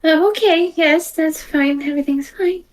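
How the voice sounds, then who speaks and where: A woman voicing a gentle, fussy cleric wife in a tabletop game, with a high, fluttery, polite tone. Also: normal speed, close to an everyday voice. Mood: flustered.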